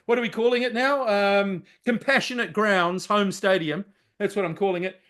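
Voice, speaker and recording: A middle-aged man, co-hosting a casual sports podcast, talking excitably and swearing freely. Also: high-pitched, moderate pace. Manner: excitable, loud, swears freely, mimics people. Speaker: podcast co-host.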